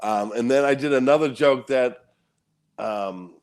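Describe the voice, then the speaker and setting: A stand-up comedian man guesting on a podcast over a video call. He talks in a relaxed, casual way with easy swearing and frequent laughter, and his voice sits at an ordinary male pitch. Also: a little slow. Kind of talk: casual chat.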